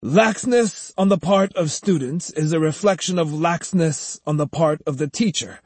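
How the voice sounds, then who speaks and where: A stern aging sword master speaks in grave, measured words, as a male audiobook narrator plays him. The voice is husky and dark, close and dry with no room sound. He lectures slowly and firmly. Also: fairly high pitch, no room sound, pitched above the performer's own voice. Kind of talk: audiobook character reading.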